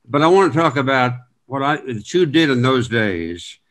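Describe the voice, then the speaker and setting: A man hosting an interview in a relaxed conversational way, praising his guest and asking about his career. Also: medium pitch, normal speed. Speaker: interview host, former sportscaster.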